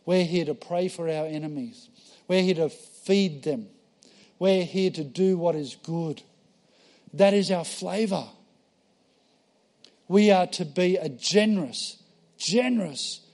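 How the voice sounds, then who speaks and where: A man preaching a conversational sermon in a church, telling stories and acting out voices, swinging between loud and soft. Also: sits high, slow, long pauses.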